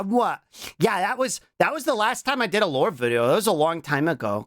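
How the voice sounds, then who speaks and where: Lively, bright-voiced young streamer. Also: mid-range voice, normal speed, dry recording, studio quality. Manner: animated, breaks into playful shouts and squeals; keeps repeating a questioning "what?" between remarks. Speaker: VTuber streamer. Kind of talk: casual live reaction stream chat.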